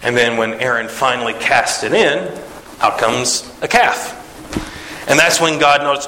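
A man retelling a Bible story in a casual, animated way, acting out the characters with sighs and jumps in pitch. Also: moderate pace, a little hiss or hum. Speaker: preacher. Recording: echoey room.

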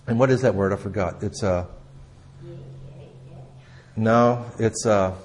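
A man teaching a class in a conversational way, with frequent restarts, questions to the audience, and a voice that drops quietly at the ends of phrases. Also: on the low side, fairly even intonation, takes it slowly. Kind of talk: classroom lecture.

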